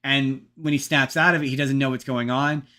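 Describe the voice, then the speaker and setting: Bright, rambling male podcast host. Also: mid-range voice, normal speed. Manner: rambling, animated, restarts often, casual swearing. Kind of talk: casual chat.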